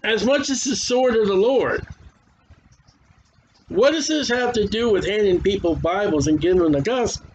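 A man's voice: high voice, moderate pace. A man preaching a sermon and reading scripture aloud, talking casually and stumbling over hard names, his voice worn. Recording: dull lo-fi recording.

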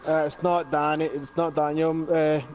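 A man in online party chat, teasing the others with a laugh and a swear. His voice sits high for a man, with a faint hiss behind it. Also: flat delivery, moderate pace, a little mellow. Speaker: online game player.

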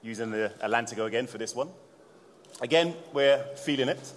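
A man's voice: mid-range voice, fairly quick, slight background noise. Chatty man presenting in a reverberant hall. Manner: jokey, chatty, addresses the audience. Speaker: bartender presenting a seminar. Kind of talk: live cocktail demonstration talk. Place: seminar room at a bar trade show.

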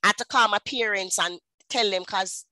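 A woman in her thirties with a Jamaican accent, telling her personal testimony in an animated storytelling way and slipping into patois. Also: mid-range voice, moderate pace, no room sound, poor audio. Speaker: speaker at a women's ministry.

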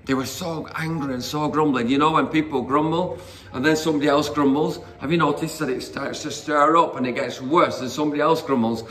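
A man's voice: on the high side, normal speed, a bit bright. A man preaching an informal sermon, conversational and rambling with fillers and asides as he retells Bible stories.

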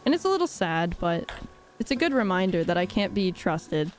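A woman's voice: fairly low pitch, sing-song, moderate pace. A young woman chatting casually on a live game stream, rambling and laughing often with dramatic sighs. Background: faint game music.

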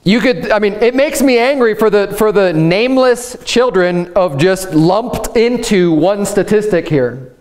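With a high-pitched, slightly mellow voice, this U.S. pastor preaches animatedly yet unhurriedly, his fervor causing him to restart phrases and repeat words as he drives his message home.

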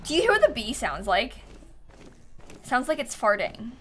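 Excitable woman streamer with a lively, high voice. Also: normal speed, slight background noise. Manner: excitable, shrieks and laughs at setbacks; mutters softly to herself between outbursts. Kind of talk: live gameplay commentary.

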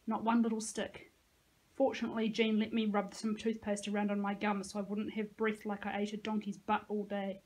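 A teacher reads a novel aloud to her class in a medium-pitched woman's voice. She keeps the narration plain and drops casual asides to the kids. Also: monotone, fairly quick, a little mellow, rough recording.

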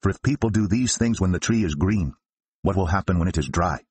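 A calm, solemn Jesus, read by a man in his own deep voice. The words come measured and low, husky, and dry. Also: dry recording.

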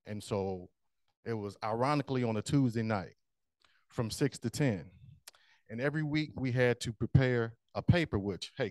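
A man's voice: mid-range voice, a little mellow, dry recording. A man giving a short, humorous storytelling speech as joke master at a speaking club meeting.

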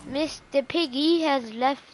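A woman giving gameplay commentary, full of profane, excitable trash talk. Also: high voice, takes it slowly. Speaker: gamer. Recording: noisy game audio behind. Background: game sounds and gunfire.

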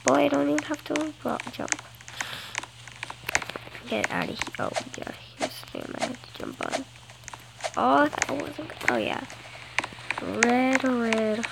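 A woman's voice: high voice, slow pace, gravelly, long pauses, very noisy. A girl chatting playfully through a phone game, gasping and breaking into bits of song. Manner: playful and chatty, gasps and sings in bursts. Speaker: gameplay vlogger. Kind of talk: casual game commentary. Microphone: phone screen recorder.

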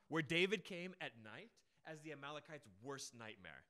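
A young man preaching a sermon, telling stories emphatically and dramatically, with big swings in loudness. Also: on the high side, sing-song, normal speed, few pauses.

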